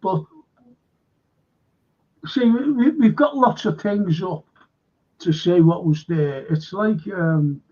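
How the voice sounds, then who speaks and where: A man's voice: high voice, takes it slowly, pauses often. A man, a local historian chatting on a live stream and acting out the voices in his anecdotes. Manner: animated storyteller acting out quoted voices. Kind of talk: casual chat on a live stream. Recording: lo-fi stream audio.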